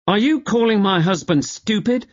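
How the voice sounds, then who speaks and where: A man voicing a tactless, protective middle-aged wife who speaks in a shrill, accusing way. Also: animated, normal speed, dull audio, natural voice. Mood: outraged.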